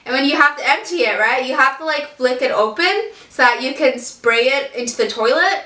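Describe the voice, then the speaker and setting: A young woman vlogs a candid personal story, chatty and casual, swearing freely and laughing often. Her high voice is animated, a little fast, and pushed and bright. She's recorded off the mic from a distance, so the sound is roomy.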